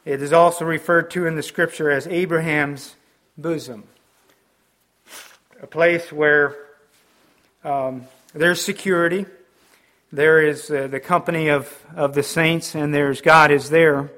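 A middle-aged man preaching a sermon, pausing often with ums and restarts as he explains scripture. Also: on the high side, steady tone, fairly bright tone. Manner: halting, with frequent ums and restarts. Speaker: pastor.

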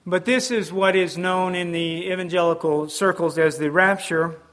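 A middle-aged male pastor gives a sermon in a voice pitched slightly above average for a man. He speaks haltingly, with many ums and restarts. His delivery is earnest and explanatory. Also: fairly even intonation, a bit bright.

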